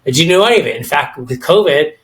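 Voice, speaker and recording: A man's voice: on the high side, lively intonation, fast talker, a bit bright, low-quality recording. A middle-aged man with an American accent, talking animatedly and with firm opinions as co-host of a casual podcast discussion, often restarting his sentences.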